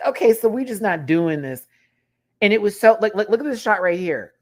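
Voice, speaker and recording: A man ranting through a TV review on his vlog, frank and swearing freely. His delivery is animated, dropping to low mutters and then bursting into loud outbursts, and he scats rhythms out loud. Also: a little fast. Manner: frank and profane, scats beats aloud. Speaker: TV review vlogger. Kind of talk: casual rant review.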